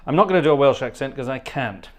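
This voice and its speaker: Speaking fast and animatedly at a medium pitch, a man hosts a laid-back livestream from his home studio. He's an organist who chats and rambles, laughs a lot, and calls out viewers by name to thank them.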